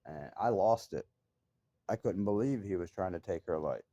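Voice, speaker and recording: Male vlogger, lowish mellow voice, agitated and emphatic, swears freely, dry dull lo-fi recording. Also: lively intonation, moderate pace, no echo. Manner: agitated, emphatic storytelling with profanity. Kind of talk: casual personal monologue to viewers.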